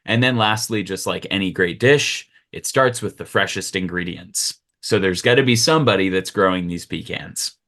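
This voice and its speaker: A low-voiced man acts as game master for a tabletop fantasy game, setting each scene in a relaxed, storytelling manner. He speaks at a moderate pace with few pauses.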